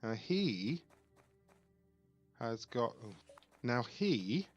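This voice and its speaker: A man's voice: medium pitch, big pitch swings, extremely slow, slightly rough, dull audio, faint music behind. A man giving casual let's play commentary, thinking aloud and reading on-screen text with puzzled asides.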